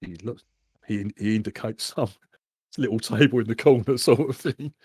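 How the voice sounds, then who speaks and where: A man's voice: lowish voice, moderate pace, a little mellow, breathy edge, dry recording. Stammering man running a tabletop game. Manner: stammering, repeats words often. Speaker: game master.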